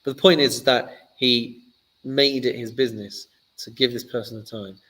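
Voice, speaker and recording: A man, a rabbi giving a casual teaching talk and telling stories lively, acting out the characters. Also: medium pitch, normal speed, husky, low-quality recording.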